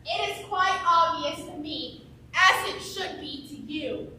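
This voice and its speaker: Young woman as a snippy high-voiced prosecutor lady, bright and sharp, far off in an echoey hall. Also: slight background noise, heavily acted. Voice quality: crisp, scornful delivery. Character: stern, scornful female prosecutor. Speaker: stage actor in a school musical. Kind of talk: live stage courtroom acting. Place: school stage in a large hall.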